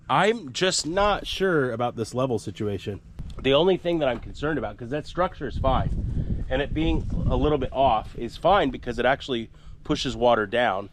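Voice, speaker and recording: A father narrates his family vlog out on a rural homestead, his medium-pitched voice set against a noisy background. His casual commentary rambles along in a chatty, self-deprecating style.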